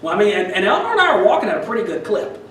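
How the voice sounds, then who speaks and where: Wry high-voiced man telling stories on stage. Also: big pitch swings, very fast, a bit bright, a little hiss or hum. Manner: wry, self-deprecating, many fillers and restarts. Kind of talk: stand-up storytelling. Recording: roomy sound from a distance.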